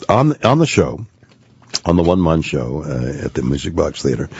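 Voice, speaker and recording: A man, an actor, telling a story as a guest on a radio talk show, deliberate and full of pauses and fillers. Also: rumbling low, big pitch swings, darkish tone, slightly rough, no echo. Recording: dry, dull lo-fi studio audio.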